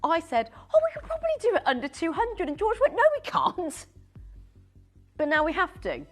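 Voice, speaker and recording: Woman, shopping-channel host, lively rising and falling pitch, excitable and gushing, faint music behind. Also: quick pace. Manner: gushing, excitable, chatty with many restarts. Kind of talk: live TV sales pitch.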